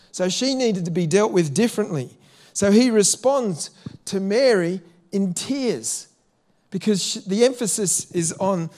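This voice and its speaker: Male preacher, high-pitched, earnest sermon delivery with direct questions to the congregation. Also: a little mellow. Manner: earnest, repeats words, asks the listeners direct questions.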